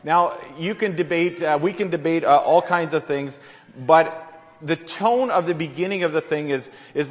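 Pastor, male, a bit high-pitched, halting sermon delivery with restarts, long reverb of a church hall. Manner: halting, repeats words while reading scripture.

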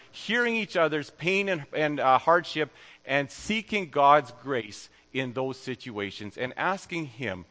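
Nasal-voiced pastor preaching in a reverberant church. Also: male voice, on the high side, fairly bright tone. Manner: earnest, conversational, ends with a spoken prayer. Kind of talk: sermon. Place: church sanctuary. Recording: long reverb of a church hall.

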